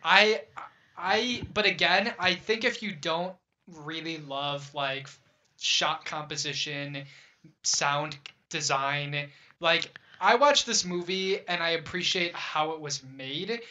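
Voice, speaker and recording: Hesitant young man with a bright voice. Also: a little high, takes it slowly. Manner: hesitant, many fillers, earnest. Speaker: podcast host. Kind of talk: casual chat.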